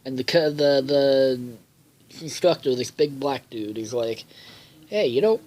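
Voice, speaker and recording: A man talks through a cartoon episode in a loose, unscripted recap. He rambles with constant fillers, swears casually, and often loses track and backtracks. His voice sits at an ordinary middle pitch. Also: measured pace, darkish tone, poor audio. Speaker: episode reviewer.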